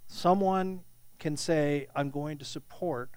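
A man's voice: fairly high pitch, slow, darkish tone, smooth, no room sound. A male pastor, preaching a sermon in a conversational, storytelling way with emphatic questions.

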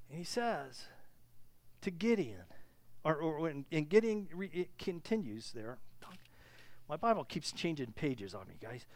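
A preacher delivering a sermon in an animated storytelling manner, swinging between loud bursts and hushed asides, with pauses and filler words. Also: medium pitch, no echo.

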